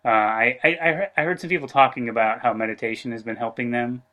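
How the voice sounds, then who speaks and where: A man co-hosting a comedy podcast, asking playfully naive questions in a deadpan way. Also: medium pitch, fast talker. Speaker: podcast co-host and editor. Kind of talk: casual comedic banter.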